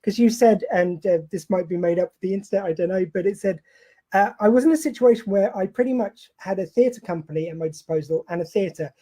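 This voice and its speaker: A podcast host interviews a guest, hesitating through fillers. The voice is mellow and husky. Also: male voice, high-pitched, brisk. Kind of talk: interview questions.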